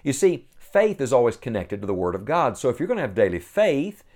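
A man preaching a sermon, earnest and emphatic, slowing down to stress key phrases and reading scripture aloud. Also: medium pitch, very animated, darkish tone.

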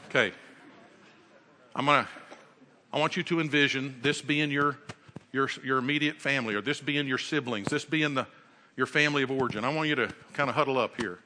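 A man's voice: medium pitch, brisk, long pauses, sharp tone, slight background noise. A man preaching a sermon and earnestly guiding his congregation through a repeated prayer. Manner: earnest, repetitive, leads the congregation in call-and-response.

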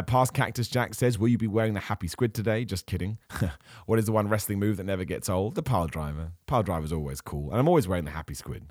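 Man, very low voice, rapid talk, hoarse, enthusiastic casual chat. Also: dry recording, clean studio sound. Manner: enthusiastic, chatty, frequent fillers and restarts. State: losing his voice. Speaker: podcast host answering viewer questions.

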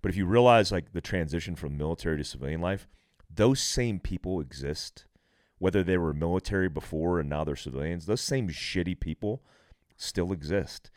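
Middle-aged veteran guest, very low voice, dry close mic, animated and profane storyteller. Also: male voice, normal speed, dry recording. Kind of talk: casual podcast conversation.

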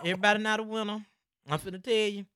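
A woman's voice: medium pitch, racing, clear, resonant tone, no room sound, studio quality. A woman, talking in an emphatic, preachy way during a casual chat. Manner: emphatic, preachy, animated storytelling.

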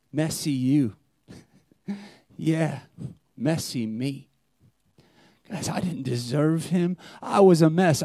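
A young man preaching a sermon as pastor, animated, swinging between loud emphasis and hushed, intimate lines. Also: on the high side, no echo, studio quality.

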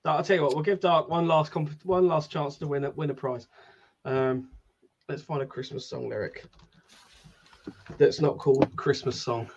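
A man co-hosting a casual live-stream chat, relaxed and swearing casually while running a quiz, on a laptop mic. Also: on the high side, moderate pace, pauses often, lo-fi sound, slight background noise. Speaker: podcast co-host.

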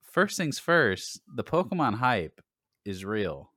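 A man hosting a casual gaming podcast, relaxed and joking, with lots of fillers. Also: mid-range voice, slow pace, no room sound, studio quality. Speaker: podcast host.

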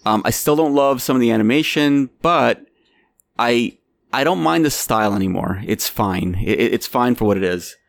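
A man's voice: medium pitch, expressive, moderate pace, creaky, no room sound, studio quality. A man casually reviewing a film as a podcast host, often repeating words as he starts his sentences.

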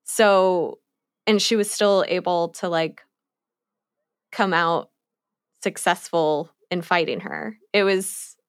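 Woman co-hosting a podcast, talks slow and chatty, dry close sound. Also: lowish voice, animated, smooth, dry recording. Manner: chatty, many likes, frequent laughs. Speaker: podcast co-host. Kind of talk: casual chat discussing a cartoon episode.

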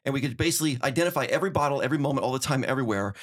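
A middle-aged man telling stories in casual conversation, animated, acting out quotes as he goes. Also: mid-range voice. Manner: fast, animated storytelling with acted-out quotes. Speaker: podcast guest, winery owner.

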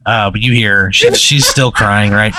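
A man's voice: on the low side, unhurried, background noise. A man telling a long, rambling comedic story in casual chat, full of "like" and "right?".

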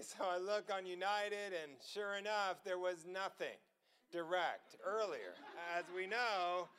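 High, smooth-voiced man preaching. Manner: storytelling, laughs often, excitable. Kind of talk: testimony sermon.

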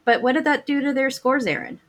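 A woman's voice: sits high, brisk, a bit bright. A woman hosting a trivia game, reading questions aloud and playfully teasing the players.

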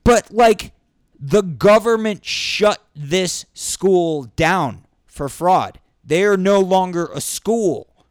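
A high-pitched man delivers a fast, profanity-laced rant, flaring into shouted outbursts. His voice is smooth and clear, recorded close and dry with no room sound. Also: expressive, no echo. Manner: angry, sweary, ranting with bursts of shouting. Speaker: vlogger. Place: indoors during a thunderstorm.

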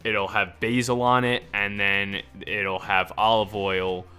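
A man's voice: fairly low pitch, flat delivery, slow, pushed and bright, clear, resonant tone, faint music behind. A man hosting a casual podcast chat, easygoing and rambling as he defends his opinions. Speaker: podcast host.

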